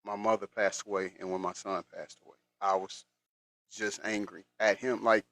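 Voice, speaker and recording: A man's voice: fairly low pitch, little pitch movement, normal speed, a bit bright, no room sound. A man hosting a podcast, talking casually and earnestly as he relates his own experience to his guest. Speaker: podcast host.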